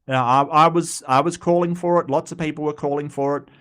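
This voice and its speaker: A man's voice: on the high side, steady tone, a little fast, fairly bright tone. An Australian man hosting a casual livestream, chatty and rambling, with frequent asides and restarts. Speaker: livestream host.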